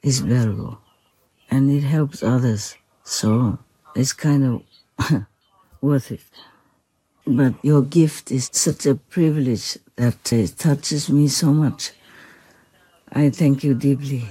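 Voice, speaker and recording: A humble, reverent spiritual teacher in a devotional spoken dialogue, soft-spoken with gentle laughs and a slightly strained voice. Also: medium pitch, slow pace, long pauses, breathy edge, low-quality recording. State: voice a little strained.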